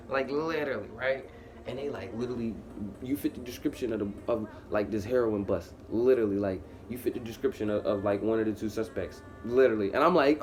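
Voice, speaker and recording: A young man tells a wild true story in loose, slangy casual talk, leaning on the same fillers over and over. When he quotes himself, his voice climbs much higher and gets louder and slower. A faint hiss of noise sits behind him. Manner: animated, slangy, heavy repeated fillers.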